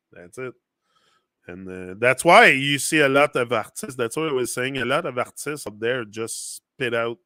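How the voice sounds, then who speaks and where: A man's voice: medium pitch, pushed and bright, smooth, no room sound, clean studio sound. A man with a French accent hosting a casual motivational livestream, rambling as he reads out viewer comments.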